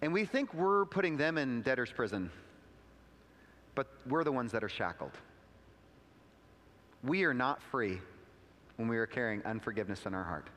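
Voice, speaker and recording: A male pastor delivers a sermon in a church sanctuary, his mid-pitched voice carrying a long hall reverb. He talks in a relaxed, conversational way, full of little asides, and climbs in pitch whenever he drives a point home. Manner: conversational storytelling with asides, pitch rising for emphasis.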